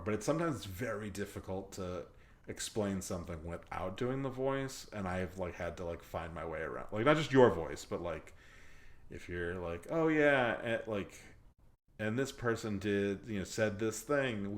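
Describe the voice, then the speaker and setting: A man hosting a podcast, talking in a rambling, self-deprecating way with lots of fillers. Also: deep voice. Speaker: podcast host. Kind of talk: casual chat.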